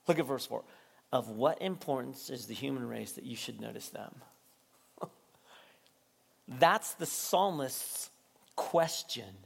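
A male pastor preaching a sermon, animated and laughing often, rising to near-shouting at peaks. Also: mid-range voice, vocal fry.

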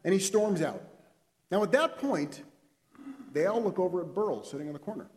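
A man giving a sermon, telling a story and acting out the characters' lines with lively expression. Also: high voice, moderate pace. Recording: long hall reverb.

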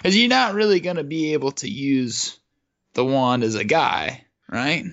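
A man's voice: mid-range voice, expressive, unhurried, fairly bright tone, dull audio. A man co-hosting a comedy podcast, laid-back and dry, with lots of fillers. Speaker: podcast co-host. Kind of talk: comedic casual chat.

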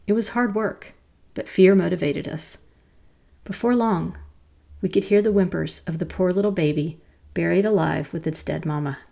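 A woman narrates a tale in a low, gravelly voice. Her delivery is measured and dramatic. The tone is dark and mellow throughout. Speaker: podcast host and storyteller. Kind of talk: storytelling narration.

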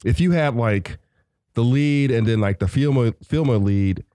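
A man's voice: mid-range voice, normal speed, mellow, dry recording, clean studio sound. A man from the American South, co-hosting a casual movie chat, rambling with fillers and restarts. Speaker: podcast co-host.

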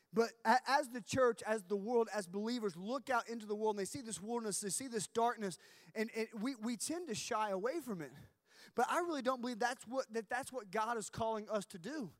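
A man preaching at a youth camp, telling a comic story with shouted punchlines before turning earnest. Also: high-pitched, no room sound.

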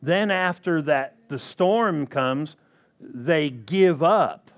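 A man preaching a sermon slowly and emphatically, often asking the congregation questions. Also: fairly high pitch, expressive.

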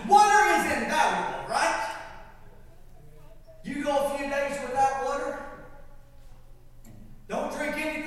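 High-voiced preacher in an echoey hall. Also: male voice, recorded from a distance. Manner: fervent preaching that swings from shouts to hushed lows. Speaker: lead pastor. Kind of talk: preaching a sermon. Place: large church sanctuary.

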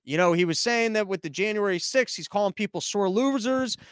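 High-voiced sarcastic male podcast host. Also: brisk, clear, resonant tone, no echo, studio quality. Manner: rambling, sarcastic and crude. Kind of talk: casual live-stream commentary.

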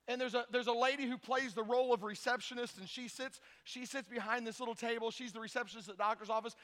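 A pastor preaching a sermon, telling stories with animated voices and acting out the characters. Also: male voice, very high-pitched, long reverb tail.

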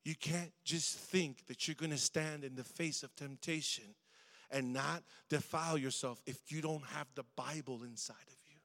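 Middle-aged guy preaching, high voice, chatty and calling out to the crowd, big echoey church hall. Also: fairly even intonation, moderate pace, fairly bright tone. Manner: conversational, calls for responses from the crowd. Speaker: guest preacher at a youth service. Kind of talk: sermon. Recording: long hall reverb.

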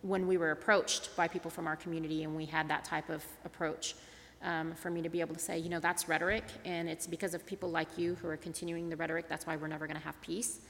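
A middle-aged woman gives a talk as an interfaith advocate, telling a personal story. Her voice is bright and clear. She acts out each exchange as she tells it, and her words ring with a long reverb in a large hall. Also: sits low, quick pace, a little hiss or hum. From Tulsa, Oklahoma. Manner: animated storyteller, acts out dialogue.

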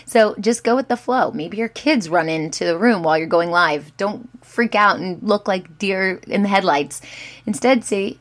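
A woman's voice: mid-range voice, animated, moderate pace. A woman coaching on going live, chatty and encouraging, who acts out sample lines as she explains. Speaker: social media coach. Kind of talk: instructional talk to camera.

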